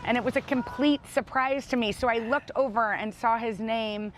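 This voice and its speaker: A woman's voice: fairly high pitch, steady tone, normal speed, a little hiss or hum. A woman in her thirties co-hosting a morning TV show, telling her story eagerly and laughing often. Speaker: co-host.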